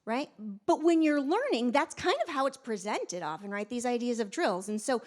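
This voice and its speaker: A middle-aged woman giving a conference talk, emphatic and energetic, with many fillers and restarts. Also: fairly high pitch, normal speed. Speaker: conference speaker.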